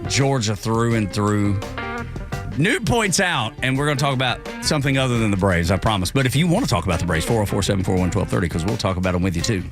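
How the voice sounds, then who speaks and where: A man's voice: lowish voice, animated, fast talker, music in the background. A man hosting morning talk radio, chatty and folksy, sounding congested as he chats and reads an ad. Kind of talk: casual talk radio chat and live-read ad. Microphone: studio microphone.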